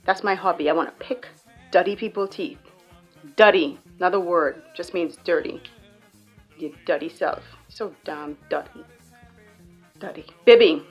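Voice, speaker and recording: Bahamian woman vlogging about slang, kinda low voice, jokey and animated. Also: normal speed, pauses often, highs cut off, faint music behind. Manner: playful, joking, animated storytelling. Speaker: YouTuber. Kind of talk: casual explainer vlog.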